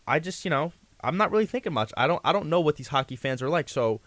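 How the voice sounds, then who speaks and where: A man's voice: fairly high pitch, lively intonation, fast talker, fairly bright tone, no echo. Rambling young man telling a story. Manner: rambling anecdote full of fillers and restarts. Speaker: guest. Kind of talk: casual storytelling on a talk show.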